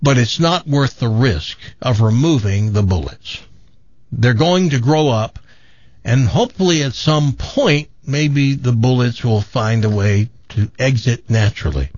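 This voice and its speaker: Man playing a steady, matter-of-fact doctor, close to his natural voice. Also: mid-range voice, measured pace, no room sound, highs cut off, lightly acted. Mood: reassuring.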